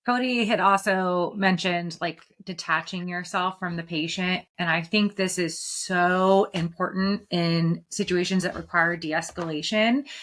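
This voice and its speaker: A woman with a bright, sharp voice speaks as a guest paramedic, frank and unfiltered. She talks candidly and does not shy away from swearing. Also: lowish voice. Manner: blunt, candid, swears freely. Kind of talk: casual podcast discussion.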